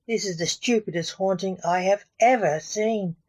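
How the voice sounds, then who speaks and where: A woman's voice: mid-range voice, moderate pace, darkish tone, natural voice. A woman voicing the lazy, teasing king of the grim reapers, a father figure. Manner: offhand, teasing.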